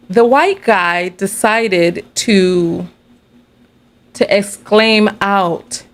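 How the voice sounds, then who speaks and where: A woman hosting a casual livestream, telling a story in an animated, chatty way and laughing between remarks. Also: mid-range voice. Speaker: livestream host.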